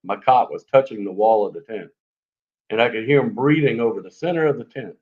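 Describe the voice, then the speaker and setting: A man's voice: fairly low pitch, a little fast, breathy edge. Man telling a story in dull lo-fi sound. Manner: animated, lively retelling with fillers and sound effects. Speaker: guest telling an encounter story. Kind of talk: casual storytelling on a live show.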